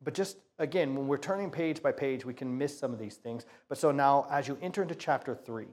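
A man's voice: medium pitch, fairly quick, darkish tone. Conversational man preaching a sermon. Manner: conversational, talks to the audience as "you guys"; repeats words as he restarts phrases while explaining. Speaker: pastor. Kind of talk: sermon with prayer and Bible reading.

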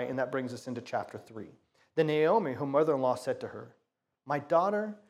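A man's voice: medium pitch, a little mellow. A man, a pastor, giving a conversational sermon with a prayer and a Bible reading, often repeating words as he restarts phrases. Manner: conversational, talks to the audience as "you guys".

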